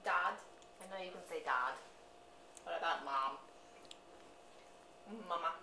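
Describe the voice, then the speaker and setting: A woman's voice: fairly low pitch, slow pace, pushed and bright, reverberant, far from the mic, slight background noise, rough recording. A mother doing playful, sing-song baby talk as she coaxes her toddler to say words.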